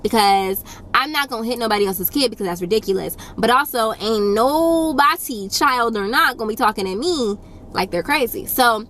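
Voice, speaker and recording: A woman's voice: fairly high pitch, expressive, normal speed, fairly bright tone. A young woman tells a casual storytime to her camera in a blunt, no-nonsense, sassy way. She hammers her points home by repeating them. A faint hiss sits under her close-miked voice. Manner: blunt, firm and sassy, with emphatic repetition. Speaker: YouTube storyteller.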